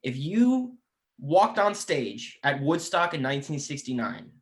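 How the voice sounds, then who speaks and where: A man's voice: a little high, big pitch swings. A man in his twenties, a guest musician chatting eagerly and at length, often restarting his sentences. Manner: eager, talkative, many quick restarts. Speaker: guest musician and guitar teacher. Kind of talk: casual podcast chat.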